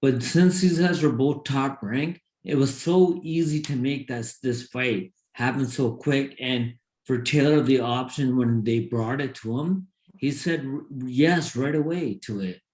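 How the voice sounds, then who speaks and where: A man co-hosting a sports podcast talks in excited, rambling bursts. His voice sits in the middle range. The sound is roomy, with a clear echo. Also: mid-range voice, measured pace, hardly any pauses. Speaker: boxing podcast co-host. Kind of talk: casual sports chat.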